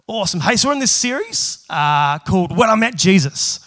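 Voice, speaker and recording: A man preaching a sermon and reading scripture, his voice strained by a virus, often clearing his throat and chatting casually with filler words. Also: high voice, sing-song, fairly quick, few pauses, fairly bright tone. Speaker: pastor. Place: church.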